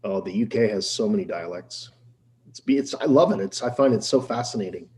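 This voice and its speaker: A man's voice: on the low side, fairly quick, a little mellow. A Canadian man hosting a casual chat, curious and full of questions. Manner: curious, asks lots of questions. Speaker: channel host.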